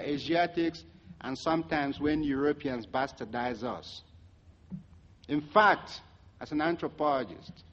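A man's voice: fairly high pitch, highs cut off. A man speaking as an anthropologist, giving a public talk full of stories. He is wry and acts out the quoted dialogue. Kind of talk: public speech with storytelling.

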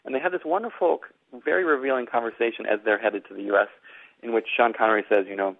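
A man's voice: mid-range voice, quick pace, vocal fry. A middle-aged man from Boston, an author answering interview questions in a rambling way, often repeating words. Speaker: author and guest. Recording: phone-like remote line.

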